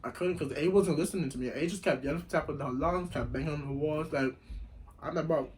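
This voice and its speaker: A young man telling a story casually while eating, slangy and rambling, getting loud when he acts out what people said. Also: a little high, fast talker, poor audio. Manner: animated, acts out quoted lines loudly. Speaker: vlogger.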